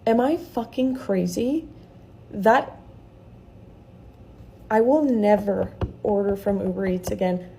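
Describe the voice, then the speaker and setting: A woman tells a storytime vlog with a gravelly, fry-laced voice and a dark, mellow tone. She is heated and curses freely as she recounts what happened. Her delivery is casual and conversational. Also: medium pitch, takes it slowly, pauses often, slight background noise. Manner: heated, profane retelling.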